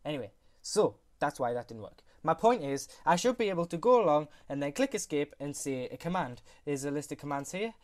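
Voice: medium pitch, lively intonation, a little fast, few pauses, darkish tone. Rambling, apologetic tutorial voice. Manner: rambling, apologetic, self-correcting. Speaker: tutorial host. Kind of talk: casual screen-recorded tutorial. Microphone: USB computer microphone.

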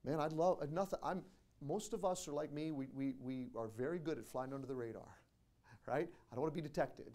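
A man preaching a sermon as pastor of a church, quoting scripture and building to loud, emphatic peaks. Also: on the high side, fairly quick. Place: church sanctuary.

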